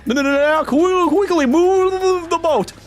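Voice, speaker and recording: A man voicing a pompous, easily panicked rich merchant in a video game, fussy and stammering when alarmed. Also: a little slow. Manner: flustered and fussy, stammering in high shrill panic.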